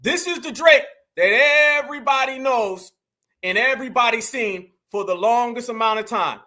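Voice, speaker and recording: High bright-voiced man ranting. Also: normal speed. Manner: emphatic, preachy, calls out to viewers. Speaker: commentary host. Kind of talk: opinionated commentary.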